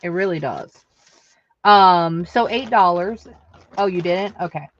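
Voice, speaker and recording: A woman's voice: on the low side, unhurried, dull audio. A woman hosting a live online craft sale, chatting casually and answering viewer comments aloud. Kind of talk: casual live-selling chat.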